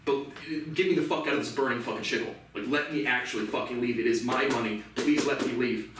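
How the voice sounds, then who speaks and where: A man's voice: medium pitch, a bit bright, a little hiss or hum. Man, angry profane rant, very echoey room, far from the mic. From United States. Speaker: vlogger. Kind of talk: solo ranting monologue.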